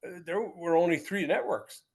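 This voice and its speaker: A man's voice: fairly high pitch, moderate pace, a little mellow. A man in his seventies, a former pro football player, telling stories in a casual interview with many restarts and repeated words. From United States.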